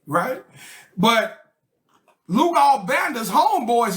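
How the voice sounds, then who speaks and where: A man's voice: high voice, expressive, unhurried, fairly bright tone. A man teaching a study group in a casual, joking way, full of slang and checks like "okay?" and "right?". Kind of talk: casual explanatory lecture.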